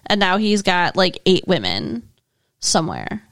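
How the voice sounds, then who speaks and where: A woman's voice: lowish voice, very animated, measured pace, vocal fry, fairly bright tone, dry recording. Casual female co-host, blunt, dry close sound. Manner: casual, blunt, groans in disgust. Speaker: podcast co-host. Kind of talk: casual movie discussion.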